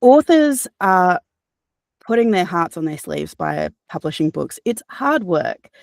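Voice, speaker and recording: An Australian woman with a slightly low voice speaks earnestly as an interview guest. She thinks aloud, restarting sentences and filling pauses. The sound is dry and close, with no room echo. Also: big pitch swings. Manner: reflective, earnest, many fillers and restarts, occasional laughs. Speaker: guest, audiobook narrator and voice actor. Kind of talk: casual interview chat.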